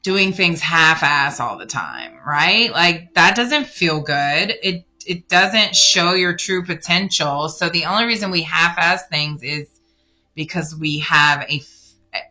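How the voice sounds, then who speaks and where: Slow-talking bright-voiced woman card reader. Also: low-pitched, lively intonation, faint music behind. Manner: rambling, self-correcting, warm addressing of listener. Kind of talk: casual spiritual card reading.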